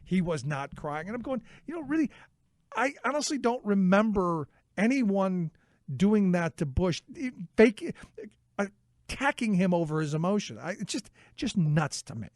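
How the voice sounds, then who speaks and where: Talk radio host, male, high-pitched, dry and close, indignant and halting. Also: sing-song, no room sound. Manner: indignant, halting, with many fillers and restarts.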